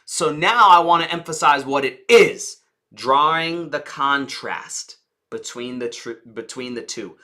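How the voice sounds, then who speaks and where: A man teaching public speaking with a bright, ringing voice. He leans hard on key words and fires off rhetorical questions. He often sinks to a low, quiet tone for effect. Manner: dramatic emphasis, drops voice low and soft for effect. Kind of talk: presentation skills lesson.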